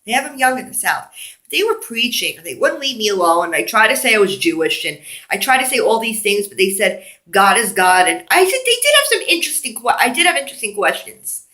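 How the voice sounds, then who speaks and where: A woman vlogger who rambles candidly from one thing to the next, a little wheezy. Her voice sits fairly high and moves a lot. It sounds bright. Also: big pitch swings, quick pace. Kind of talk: rambling vlog monologue.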